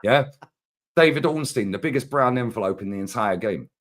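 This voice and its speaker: A man co-hosting a casual football chat, ranting in an animated, slangy way. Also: mid-range voice, a little fast. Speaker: co-host.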